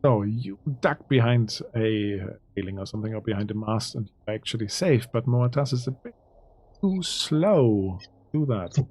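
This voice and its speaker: Husky game master who is not a native English speaker. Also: male voice, lowish voice, expressive, normal speed, darkish tone. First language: German. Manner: descriptive, stops to check rules. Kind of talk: narrating a tabletop game.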